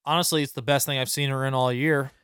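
Playful man with a smooth, clear voice. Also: mid-range voice, fast talker, no echo, clean studio sound. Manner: playful, jokey, bursts of excitement. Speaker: podcast co-host. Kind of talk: casual movie review chat.

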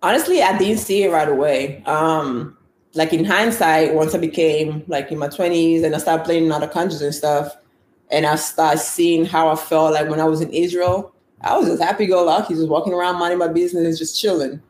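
A woman's voice: deep voice, brisk. A young woman from Italy, a basketball player, telling stories bluntly in a casual interview. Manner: blunt, animated, acts out quoted exchanges. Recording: echoey room with faint background noise.

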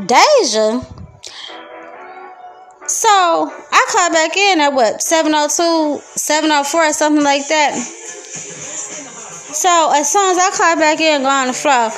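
A woman's voice: high voice, fairly bright tone. A young woman with a Detroit accent, venting profanely and heatedly in a casual podcast monologue. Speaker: podcast host.

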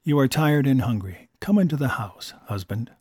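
A man reads the part of a frontier wife, gentle but firm with her husband. The voice rises only a little from his narration and sounds dry and close. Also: mid-range voice, lively intonation, normal speed, breathy edge, no room sound.

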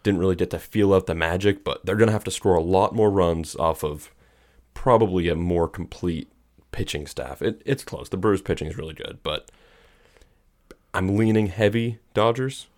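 A man's voice: low-pitched, moderate pace, a little mellow. A young man co-hosting a sports podcast, talking in a laid-back, hesitant way as he thinks aloud. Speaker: podcast co-host. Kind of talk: casual sports chat.

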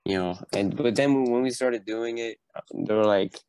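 A young adult man as a podcast guest, telling animated stories full of fillers and acting out quoted voices with sudden high jumps. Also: moderate pace, smooth, no room sound, poor audio. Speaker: podcast guest, Marine recounting boot camp. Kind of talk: casual storytelling chat.

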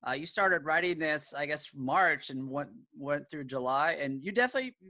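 A man's voice: a little high, animated, moderate pace, bright, forceful tone, no echo, rough recording. A man hosting a casual interview podcast, eager and upbeat, talking with plenty of fillers and restarts. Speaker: podcast host.

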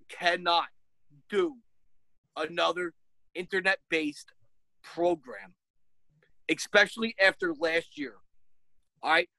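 A woman's voice: medium pitch, creaky, bright, forceful tone, no room sound, low-quality recording. A woman co-hosting a casual chat, ranting in exasperation with lots of swearing and bursts of laughter. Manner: rises to shrieking when worked up.

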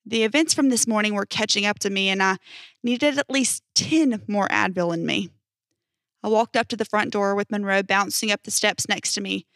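A woman's voice: mid-range voice, normal speed, no room sound, clean studio sound. Young woman narrating a horror story. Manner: even storytelling, hesitant um in sign-off. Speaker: podcast host and story narrator.

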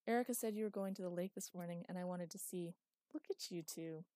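A woman's voice: lowish voice, a little fast, dark tone, no room sound, clean studio sound, close to an everyday voice. A woman voicing a playful adult daughter who teases her father in a bubbly way. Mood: teasing. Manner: bubbly, teasing.

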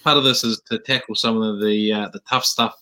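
A male host with a New Zealand accent, his voice pitched fairly low. He speaks in an earnest, conversational way during a casual interview. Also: steady tone, fairly quick, sharp tone.

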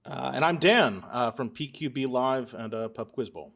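Male guest from Texas, mid pitch, dry wit, loose casual delivery. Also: animated, moderate pace, gravelly, fairly bright tone. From Texas, USA. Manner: dry, wry humor, filler-heavy. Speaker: podcast guest. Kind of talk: casual podcast chat.

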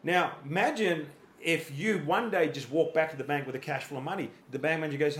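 A man's voice: on the high side, a little fast, a bit bright. A man coaching athletes, explaining things in a podcast conversation with everyday analogies and little acted-out quotes, often repeating words as he thinks. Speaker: fitness coach. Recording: roomy echoey room.

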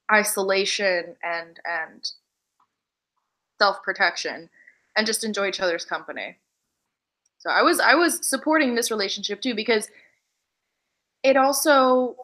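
A woman chatting casually over a call, bright and forward in tone. She talks in lively swings, jumping high when she acts out someone else's words. Her pitch sits in the middle range for a woman. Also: poor audio. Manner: animated, acts out characters' lines with big pitch jumps. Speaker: podcast co-host discussing a book. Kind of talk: casual chat. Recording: remote call audio.

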